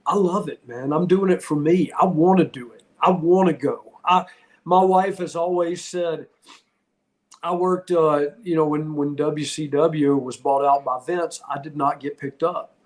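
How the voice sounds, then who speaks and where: Middle-aged man, podcast guest; candid, rambling storyteller with a slightly high voice. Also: fairly even intonation, unhurried. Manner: candid, rambling, heartfelt, with frequent restarts. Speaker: podcast guest, retired wrestler. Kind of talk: casual interview storytelling.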